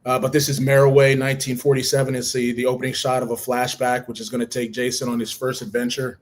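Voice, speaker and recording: A man co-hosting a live stream, walking through comic pages in an even tone with many pauses. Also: mid-range voice. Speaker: co-host. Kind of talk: describing comic art.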